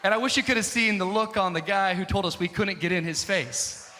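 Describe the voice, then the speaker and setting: High bright animated preacher. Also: male voice, brisk. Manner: animated, acts out dialogue, builds to shouting. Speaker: pastor. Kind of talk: sermon storytelling. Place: church. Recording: reverberant church hall with audience.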